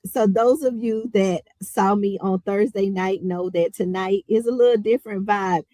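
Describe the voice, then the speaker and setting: A woman's voice: medium pitch, fairly even intonation, moderate pace, mellow, no room sound, poor audio. A woman hosting a podcast, talking in an upbeat, chatty way. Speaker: podcast host. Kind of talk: casual podcast chat.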